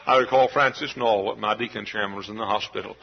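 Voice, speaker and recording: A middle-aged man preaching a sermon as a pastor, swinging from hushed confiding to shouted outbursts. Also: fairly low pitch, steady tone, quick pace, vocal fry, muffled recording. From Texas. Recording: live church service recording.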